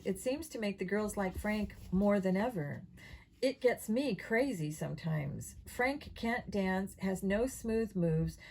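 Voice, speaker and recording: A woman reading a children's mystery novel aloud in an expressive, steady storytelling voice. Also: mid-range voice, a little hiss or hum, low-quality recording. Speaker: audiobook reader.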